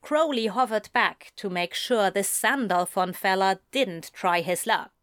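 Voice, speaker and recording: Slow, measured woman narrator. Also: medium pitch, a bit bright, no room sound, clean studio sound. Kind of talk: fan fiction audiobook reading.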